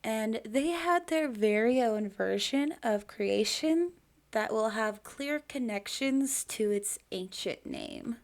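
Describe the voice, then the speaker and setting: Slow, chatty woman explaining myths. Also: on the high side, expressive. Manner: chatty asides addressed to the viewer; self-deprecating about pronunciation. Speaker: mythology channel host. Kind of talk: casual educational narration.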